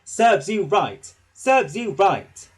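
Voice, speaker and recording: A man voicing a cheeky small male tank engine with shrill, excitable cries in a storybook reading. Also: very slow, slightly rough, heavily acted. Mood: cross. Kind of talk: storybook character voice.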